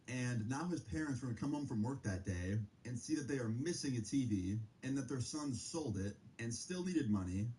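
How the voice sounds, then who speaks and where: A man's voice: medium pitch, warm tone, slight background noise, rough recording. A young man casually telling a personal story on a live stream, full of slang and filler words. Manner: casual, slangy, lots of "like" and "bro".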